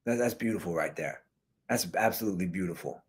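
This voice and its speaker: A man hosting a podcast, giving animated, jokey commentary on viral videos through a computer's built-in microphone. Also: low-pitched, quick pace, breathy edge. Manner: animated, jokey, talks over clips. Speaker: podcast host. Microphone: computer's built-in mic.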